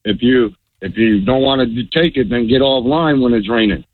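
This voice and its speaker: A man's voice: medium pitch, normal speed, no room sound. Man calling in over a tinny phone line. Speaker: caller, food delivery driver. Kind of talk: calling in to a radio show.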